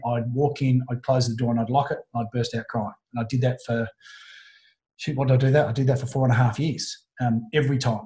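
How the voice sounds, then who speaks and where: A middle-aged man with an Australian accent speaks earnestly, halting and restarting as he goes. His voice sits at an ordinary pitch. The room gives it a noticeable echo. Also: mellow. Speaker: guest. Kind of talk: emotional interview storytelling. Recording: roomy echo.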